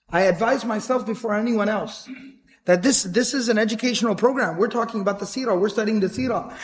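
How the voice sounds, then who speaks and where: A male Islamic teacher giving a lecture, his voice pitched very high for a man. He talks at a quick clip, earnest and emphatic, and repeats his key points. Now and then he recites Arabic verses rapidly. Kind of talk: educational lecture on the seerah.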